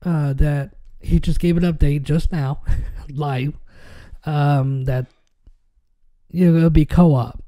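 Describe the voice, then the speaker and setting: A man's voice: a little high, steady tone, slow, pauses often, mellow. A man hosting a podcast in casual chat, rambling with many fillers and restarts, his nose a little stuffy. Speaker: podcast host.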